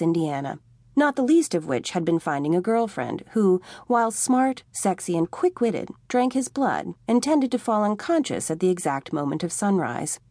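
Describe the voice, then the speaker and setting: A woman reads a comic novel aloud in a wry, expressive voice whose pitch rises and falls lively. The studio sound is dry and close, with no room at all. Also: no room sound. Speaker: audiobook narrator. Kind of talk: scripted narration. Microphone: close studio mic.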